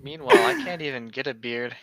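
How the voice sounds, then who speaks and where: A young man co-hosting a casual podcast chat, sarcastic and quick with profane jokes, on a dull lo-fi mic. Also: medium pitch, huge pitch swings, sharp tone. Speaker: podcast co-host.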